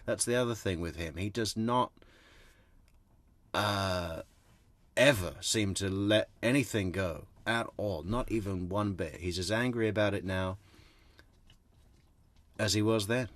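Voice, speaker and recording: A man's voice: fairly low pitch, a little slow, pauses often, a bit bright, dry recording. A man hosting true crime commentary, casually sarcastic and swearing as he reacts to clips.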